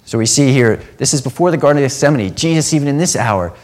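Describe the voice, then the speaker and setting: A man preaching a sermon, earnest, dropping to a hushed tone and then rising to emphatic passages. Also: medium pitch, animated, fast.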